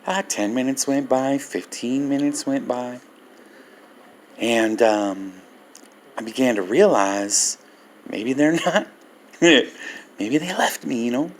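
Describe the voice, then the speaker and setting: An older man telling a personal story in a vlog, animated and laughing as he goes. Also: medium pitch, takes it slowly, pauses often, a little hiss or hum. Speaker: Christian ministry vlogger.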